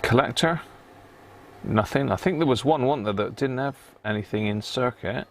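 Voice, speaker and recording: Gravelly man chatting while tinkering. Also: mid-range voice, moderate pace. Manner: chatty, rambling, muttering to himself as he works. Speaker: radio repair live-streamer. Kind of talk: casual live-stream chat while repairing. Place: home workshop upstairs.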